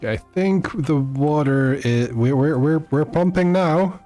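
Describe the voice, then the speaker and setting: A man chatting to viewers on a live game stream, halting often with fillers and restarts. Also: fairly high pitch, dark tone, faint music behind. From Netherlands. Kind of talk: live gameplay stream chat.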